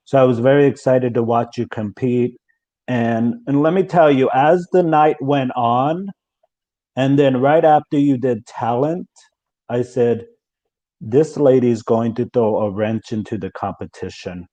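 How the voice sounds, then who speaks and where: A man's voice: medium pitch, unhurried, mellow. A man hosting a live online talk show, reading out viewers' questions and praising his guest at length. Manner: reads chat questions, effusive with praise. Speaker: host.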